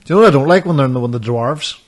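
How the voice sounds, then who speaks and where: A man chatting casually as a podcast co-host, easygoing and quick to laugh. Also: medium pitch, lively intonation. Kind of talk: casual chat.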